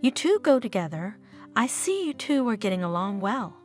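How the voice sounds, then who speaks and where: Short-tempered grown son and husband, resentful, voiced by a woman storyteller, animated. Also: mid-range voice, moderate pace, faint music behind, lightly acted. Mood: sarcastic. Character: irritable married man, grown son.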